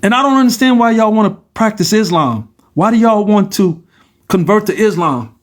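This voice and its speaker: A man's voice: sits high, animated, normal speed. A man from the United States ranting casually to his viewers, rambling and repetitive, often calling them "y'all" and stumbling over words. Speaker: vlogger. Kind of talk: casual direct-to-camera rant.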